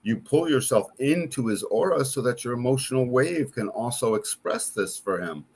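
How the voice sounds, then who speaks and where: A man hosting a casual interview, coaching his guests with gentle, probing questions about their relationship. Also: mid-range voice, animated, normal speed, slight background noise. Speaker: host and reader.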